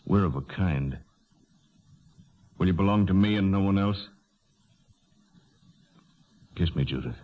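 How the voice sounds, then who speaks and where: An ardent stable hand speaks earnestly in a very low voice. This is 1930s radio acting. It comes through a dull, muffled old broadcast recording. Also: male voice, a little slow, long pauses. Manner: earnest, forceful. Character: stable hand, rough, ardent young man.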